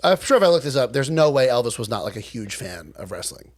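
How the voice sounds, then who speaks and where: A man co-hosts a casual film podcast, cracking sarcastic jokes between points. His mid-range voice swings widely in pitch as he riffs. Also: sing-song, fast talker. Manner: joking, sarcastic, loose with fillers. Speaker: podcast co-host. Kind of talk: casual film review chat.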